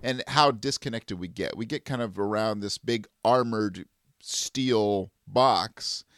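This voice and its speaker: A man's voice: lowish voice, slow, a bit bright, no echo, studio quality. A man co-hosting a podcast, reflecting in casual chat and sometimes acting out angry drivers. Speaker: podcast co-host. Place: Washington State.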